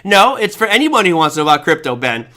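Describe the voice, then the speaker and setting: High-pitched guy running a live online class, energetic and chatty, answers viewer chat. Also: fast. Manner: energetic, chatty, reads viewer comments aloud. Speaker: crypto trading class host.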